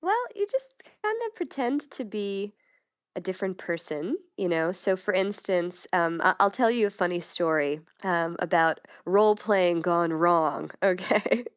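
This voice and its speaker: Chatty, giggly woman with a smooth, lower voice. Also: expressive, measured pace, dry recording, muffled recording. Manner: giggly, chatty, frequent restarts and laughs. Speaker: podcast guest. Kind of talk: candid casual chat.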